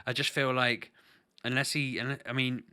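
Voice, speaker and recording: A man's voice: medium pitch, little pitch movement, normal speed, bright, forceful tone, clear, resonant tone. A man talking casually to camera as a parent vlogger, earnest and rambling, often restarting his sentences.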